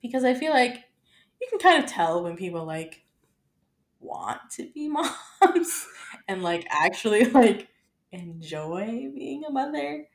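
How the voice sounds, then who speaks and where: A young woman co-hosting a podcast in casual chat, animated and swearing freely as she acts out quotes. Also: a little high, takes it slowly, reverberant. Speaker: podcast co-host.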